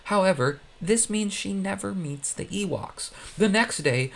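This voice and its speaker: Lively comedic male narrator. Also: a little high, gravelly. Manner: deadpan, playful storytelling with quick asides.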